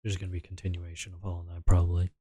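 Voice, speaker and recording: Male streamer, casual rambling chat, very low flat voice, dry close sound. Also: rapid-fire, husky, no echo. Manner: meandering, mumbling, trailing off.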